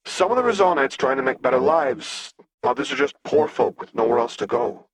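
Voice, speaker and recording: A man voicing a blunt, earnest young male gang leader with a husky voice. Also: medium pitch, expressive, a little fast, pitched above the performer's own voice.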